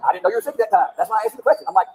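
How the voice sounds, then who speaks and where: A man's voice: sits high, expressive, rapid-fire, noisy background. A man in his fifties, a PE teacher, insistently explaining himself over and over in an argument with a student. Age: 50s.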